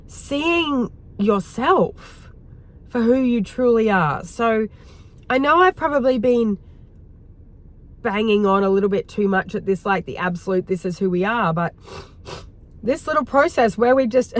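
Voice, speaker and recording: A woman hosting her own video and leading a heartfelt guided reflection, rambling gently and filling her talk with "like". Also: a little high. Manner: rambling, heartfelt, full of "like" fillers. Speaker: wellness host.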